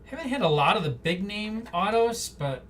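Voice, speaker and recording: A slightly distant mic and faint background hum frame this card-break host's casual live-stream talk as packs get opened. The medium-pitched voice is a bit bright, swings widely in pitch, and moves at normal speed, rambling off the cuff with chatty asides.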